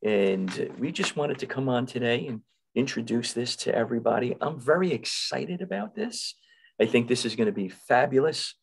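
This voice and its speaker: A man's voice: medium pitch, expressive, moderate pace, vocal fry, slightly rough, low-quality recording. A man with a North Jersey accent hosting a podcast, chatting eagerly and often repeating himself as he restarts. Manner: enthusiastic, repeats words and restarts. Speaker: podcast host. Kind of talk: casual interview chat.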